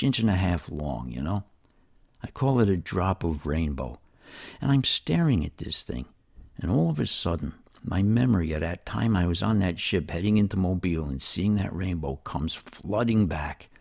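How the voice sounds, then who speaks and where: A man's voice: fairly low pitch, vocal fry, a little mellow. An older man with a New York accent telling his life story in a folksy, conversational way, talking straight to the listener. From New York City. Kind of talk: storytelling narration.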